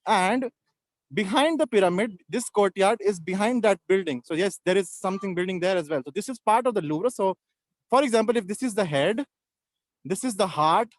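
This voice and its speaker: A man's voice: high-pitched, lively intonation, normal speed, no echo. A man from India walking outdoors, patiently explaining sights to children in a casual travel vlog. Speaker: travel vlogger addressing children. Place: outdoors in a city square.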